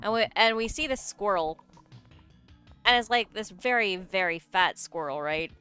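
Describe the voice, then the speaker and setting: A young American woman co-hosts a game stream, chatting casually over gameplay and telling animated stories full of laughter and fillers. Her voice is medium-pitched, clear, and resonant at a moderate pace, with soft background music.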